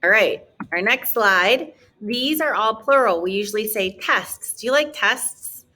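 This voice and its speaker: A woman's voice: mid-range voice, animated, sharp tone, slight background noise. A woman teaching a French lesson, explaining grammar in a chatty, encouraging way and drawing out model words for students to repeat. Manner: slow, drawn-out model pronunciations for repetition. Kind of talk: classroom language lesson.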